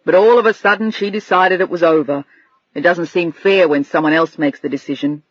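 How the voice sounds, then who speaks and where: A narrator voicing a gentle, calm man. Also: fairly high pitch, a little fast, no room sound, dull audio. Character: gentle, protective man, kind colleague.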